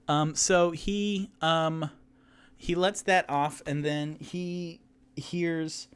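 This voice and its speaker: A man's voice: on the high side, fairly even intonation, very slow, clean tone, no room sound. A man narrating a tabletop game he runs alone as dungeon master, rambling, with many ums and self-corrections.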